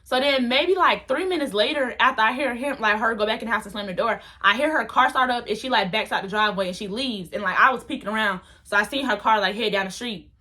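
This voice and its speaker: A young woman telling a storytime vlog story in an animated, dramatic, slangy way. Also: on the high side, quick pace, few pauses. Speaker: vlogger.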